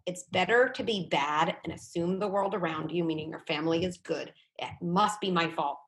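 A woman psychologist talks as a podcast guest in a lower-pitched voice. She speaks with animated energy, often slipping into little voices to act out what someone might be thinking. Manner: animated, acts out quoted thoughts in little voices. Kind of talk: conversational podcast interview.

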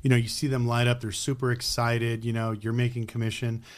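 A man's voice: medium pitch, fairly quick. A man, a former car dealer, talking bluntly in an interview and acting out his customer exchanges. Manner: blunt, animated storytelling with acted customer exchanges. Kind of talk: interview conversation. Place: Las Vegas.

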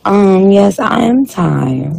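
A man's voice: high voice, expressive, slow, vocal fry, background noise, heavily acted. A man doing a comic impression of a sassy, tired female rap star who reads live chat comments on a late-night stream, with a drawling, profane manner.

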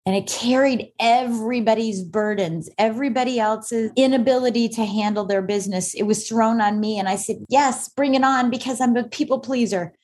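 A woman's voice: fairly high pitch, a little fast, hardly any pauses, darkish tone. A woman guest on an interview podcast, speaking with forthright, emphatic conviction as she tells her own story. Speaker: guest, author. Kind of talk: conversational interview.

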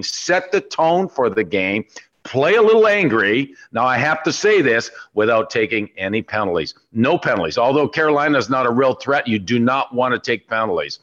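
A man's voice: medium pitch, a bit bright, highs cut off. A man who once played the game, analyzing it emphatically on a sports talk show, with some restarts. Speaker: former player turned analyst.

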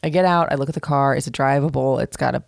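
A woman in her thirties telling a personal story to camera in an animated, casual way, full of "like" and swearing freely. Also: very deep voice, quick pace, gravelly, no echo, studio quality. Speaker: vlogger. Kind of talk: storytime monologue.

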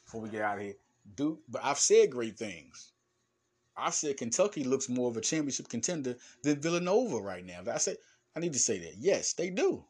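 Male podcast host, basketball analyst, animated and repetitive, informal street phrasing, mid pitch. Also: a little fast, breathy edge. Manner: animated, emphatic and repetitive, with stammered restarts; informal slangy speech, addressing fans directly. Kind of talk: casual solo podcast talk.

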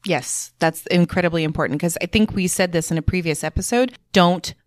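A woman co-hosting a podcast in casual chat, animated and giggly, with a slightly low voice. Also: a little fast, no echo, clean studio sound. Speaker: podcast co-host.

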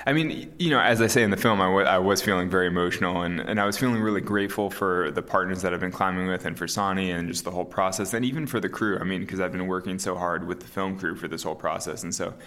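A man in his thirties, an interview guest talking casually and calmly, with many fillers and restarts. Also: low voice, quick pace, hardly any pauses. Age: 30s. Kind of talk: casual conversation.

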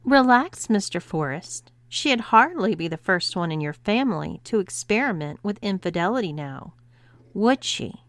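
A woman's voice: medium pitch, sing-song, normal speed, no room sound. A woman voicing a stern, commanding female cruise director who speaks with cool, controlled authority.

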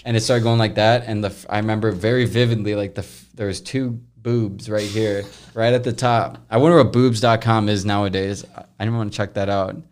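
A young man hosting a podcast, casually telling a long story, rambling and animated, with frequent swearing. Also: fairly low pitch, fairly quick, few pauses. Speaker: podcast host.

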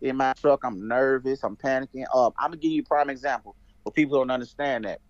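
A man on a podcast, animated, acting out the lines of people in his stories. His voice sounds dry and close, with a slightly dull, muffled tone. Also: mid-range voice, quick pace, no room sound. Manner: animated storyteller, acts out dialogue. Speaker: podcast guest, veteran. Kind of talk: casual chat.

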